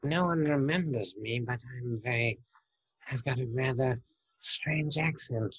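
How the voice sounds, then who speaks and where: A man doing an impression of an old film actor, with slow, posh delivery. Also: mid-range voice, fairly bright tone, close to an everyday voice. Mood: droll. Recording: dull lo-fi recording.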